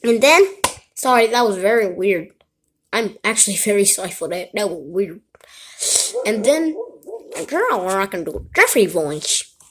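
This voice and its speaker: A female vlogger telling a loose story straight to camera. Her pitch leaps up and down as she rambles, cuts herself off and says sorry again and again. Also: animated, moderate pace, noisy background. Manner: rambling, self-interrupting, keeps apologizing. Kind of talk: casual rambling monologue to camera.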